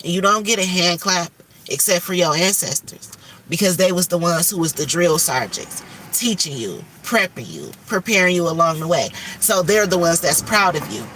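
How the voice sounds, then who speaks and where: A woman speaks openly on a livestream, with a bright, forceful voice and frank, emphatic talk about faith and worry. She curses freely as she explains herself. She sits a little far from the microphone, with faint noise in the background. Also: lowish voice, lively intonation, normal speed. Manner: candid, emphatic, swears freely, spiritual talk. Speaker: livestream host. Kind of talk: candid livestream monologue.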